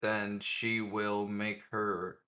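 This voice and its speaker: A man's voice: fairly low pitch, monotone, drawn-out words, sharp tone, slight background noise. A man playing a tabletop game, hesitant with short replies. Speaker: player.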